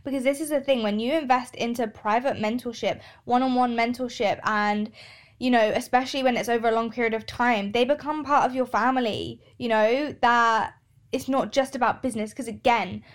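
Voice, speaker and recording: A woman's voice: on the high side, steady tone, brisk. A young woman hosting a podcast, talking candidly and emotionally, swearing often. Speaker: podcast host. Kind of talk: casual monologue.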